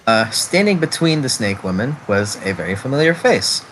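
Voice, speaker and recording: A man narrating a tabletop role-play game as its game master, describing scenes with fillers and quick self-corrections. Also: medium pitch, sing-song, fairly bright tone, a little hiss or hum, low-quality recording. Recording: faint background music.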